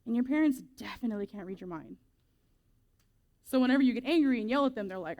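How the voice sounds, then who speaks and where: A woman speaking to teenagers in a casual, lively youth group talk, reading scripture and acting out quick quoted voices. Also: fairly high pitch.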